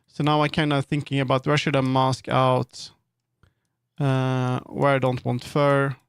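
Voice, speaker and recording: Gravelly man thinking aloud on stream. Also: mid-range voice, monotone, unhurried, no echo, studio quality. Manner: thinking aloud, rambling and self-correcting. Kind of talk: casual live-stream chat while working.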